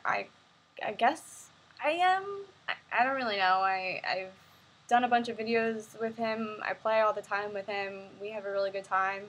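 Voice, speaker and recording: A woman's voice: mid-range voice, fairly bright tone, slight background noise, low-quality recording. A young woman casually answering viewers' questions on a live stream, chatty and giggly, with silly sing-song bursts.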